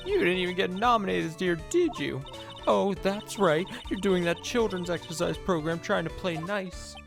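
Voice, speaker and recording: A man's voice: high-pitched, lively intonation, normal speed, gravelly, pitched above the performer's own voice. A man voicing a nosy, pushy old woman in a video game who talks nonstop and scolds people. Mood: gushing chatter. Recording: game music behind.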